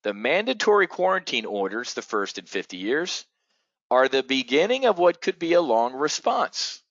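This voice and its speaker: A man hosting a live trading webinar, talking excitedly to his audience, swearing and calling them folks. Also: mid-range voice, normal speed, no room sound, dull audio.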